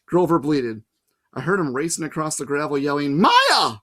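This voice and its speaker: A man's voice: fairly high pitch, a little fast. Man casually reading a story aloud. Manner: casual, adds his own comments. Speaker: reader. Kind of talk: audiobook reading with asides.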